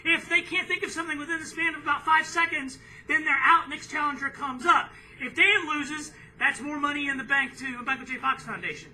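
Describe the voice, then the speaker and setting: A man with a very high, bright voice emcees from a comedy club stage. He explains the rules loosely and cheerfully, wandering a little as he goes. The recording is distant and roomy, with faint noise in the background. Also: steady tone, a little fast, hardly any pauses. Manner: loose, upbeat, rambling explanations. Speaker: emcee running the contest. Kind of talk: live comedy show emcee.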